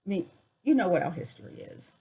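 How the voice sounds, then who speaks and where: A woman in her sixties telling personal stories in a vlog, reflective and unhurried, with pauses and restarts. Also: medium pitch, big pitch swings, dark tone, husky, poor audio. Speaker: YouTuber.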